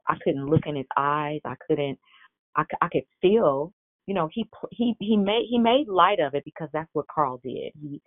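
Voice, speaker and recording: A woman in her forties preaching a sermon, telling a personal story with animated, quoted back-and-forth dialogue. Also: deep voice, moderate pace, dry recording. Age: 40s. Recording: tinny phone-like sound.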